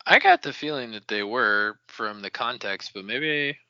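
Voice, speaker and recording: A man's voice: mid-range voice, measured pace, pushed and bright, no room sound, dull audio. A man co-hosting a casual book podcast, easygoing and chiming in. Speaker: podcast co-host.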